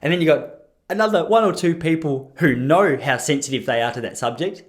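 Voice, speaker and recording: A man's voice: a little high, animated, a little fast. A man, rambling and joking about himself as a podcast host. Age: 30s. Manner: self-deprecating, rambling with restarts and laughs. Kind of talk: solo rambling podcast monologue.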